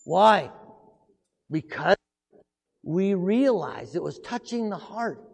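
A man preaching a sermon, asking emphatic rhetorical questions and swinging between loud outbursts and hushed passages. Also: high-pitched, animated, takes it slowly, creaky. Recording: long hall reverb.

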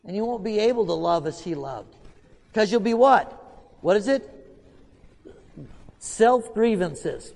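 A man preaching a sermon, asking emphatic rhetorical questions and swinging between loud outbursts and hushed passages. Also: high voice, animated, slow, long pauses. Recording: long hall reverb.

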